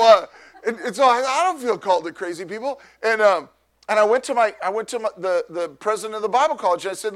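A middle-aged man preaches, his voice sitting high for a man. He tells a personal story loudly and with animation, often restarting his sentences as he goes. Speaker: pastor. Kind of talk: storytelling sermon.

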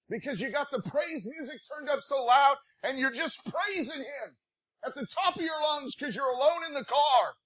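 A man preaching from the pulpit in a very high, bright, forceful voice. He talks to his congregation in a folksy, conversational way and climbs into animated shouts of praise. The sound is close and dry, with no room echo. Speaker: pastor. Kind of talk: sermon.

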